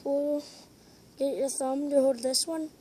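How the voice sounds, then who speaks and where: A high-pitched woman talks slowly through a casual craft tutorial, rambling and hesitant between steps. She drops into whispered asides now and then. The recording is noisy, with a steady hiss behind her. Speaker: tutorial maker.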